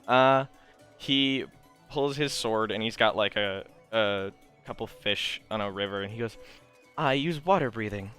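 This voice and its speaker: A man narrating as game master for a tabletop role-playing game, relaxed and full of fillers. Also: lowish voice, unhurried, clean tone, faint music behind. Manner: relaxed, many fillers, chuckling.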